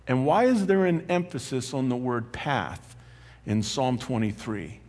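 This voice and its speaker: Pastor guy preaching, lively up and down voice, kinda high, big hall echo. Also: slow pace. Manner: animated, conversational preaching with laughs and asides. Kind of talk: sermon. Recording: long hall reverb.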